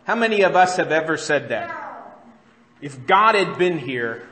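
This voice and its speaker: A man's voice: fairly high pitch, sing-song, a little slow, bright, forceful tone, big-room sound. A man preaching a sermon as pastor, talking in a conversational way and putting questions to the congregation. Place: church sanctuary.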